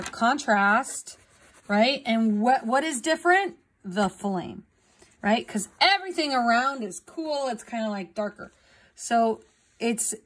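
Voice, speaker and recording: A woman's voice: a little high, a little hiss or hum. Art teacher lady sketching while she explains, chatty, lots of "right?". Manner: casual, tags sentences with "right?". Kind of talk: drawing demonstration lesson.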